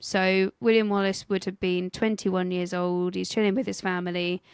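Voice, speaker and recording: A woman's voice: mid-range voice, flat delivery, moderate pace, clean tone, no room sound, studio quality. A woman co-hosting a history podcast in a casual, jokey way, swearing freely as she tells the story. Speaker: podcast co-host and researcher.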